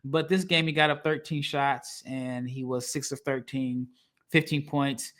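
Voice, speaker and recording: A man's voice: mid-range voice, fairly even intonation, measured pace, fairly bright tone. A man co-hosting a basketball draft podcast, talking casually and animatedly, laughing often and acting out quotes from others. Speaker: podcast co-host, draft analyst. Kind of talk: casual sports podcast talk.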